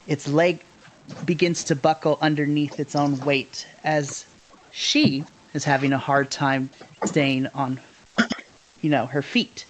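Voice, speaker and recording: Guy running a tabletop game, takes his time, kinda high voice, easygoing. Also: flat delivery, slow pace, a little hiss or hum, poor audio. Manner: laid-back, descriptive, chuckles between lines. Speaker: dungeon master.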